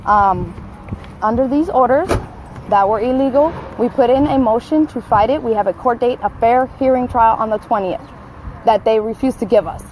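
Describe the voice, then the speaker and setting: A woman's voice: on the high side, normal speed, low-quality recording. Insistent woman livestreaming outdoors. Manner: urgent, insistent, repeats demands. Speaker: mother livestreaming a confrontation. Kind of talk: live phone stream. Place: outdoors behind a school. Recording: loud outdoor street noise.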